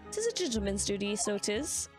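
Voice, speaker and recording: A woman voicing a pompous middle-aged London gentleman who speaks in a stagey, old-fashioned way. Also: mid-range voice, sing-song, normal speed, over music, lightly acted.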